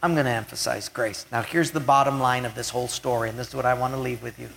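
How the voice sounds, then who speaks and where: A man preaching a sermon, retelling a scripture story and swinging between loud emphasis and hushed lines. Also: mid-range voice, little pitch movement, fast talker, creaky, slight background noise. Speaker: pastor.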